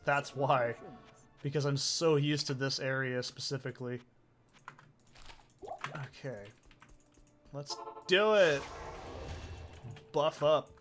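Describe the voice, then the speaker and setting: A young man casually commenting on his own gameplay as a let's play host, excitable and swearing often as he talks to himself. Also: medium pitch.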